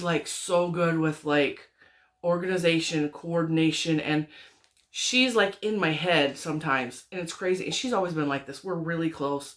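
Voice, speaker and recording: A woman crochet vlogger, perhaps in her thirties, chatting at home in a rambling, giggly way as she tells family stories. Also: fairly low pitch. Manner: rambling, giggly, animated retelling with frequent laughs. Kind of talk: casual chatty storytelling.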